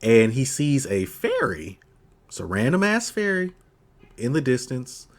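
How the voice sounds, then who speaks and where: A man's voice: medium pitch, big pitch swings, a little slow. A man co-hosting a casual podcast, animatedly recapping a story, acting out the characters' lines in funny voices, swearing and laughing along. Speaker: podcast co-host. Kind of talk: casual chat recapping an anime.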